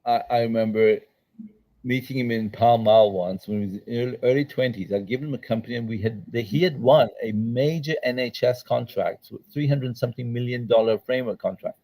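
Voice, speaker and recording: A man's voice: medium pitch, a little fast, mellow, low-quality recording. An older man as an interview guest at his daughter's house, telling stories emphatically and checking in with "okay?" and "all right?". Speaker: guest entrepreneur. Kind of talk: storytelling interview answer.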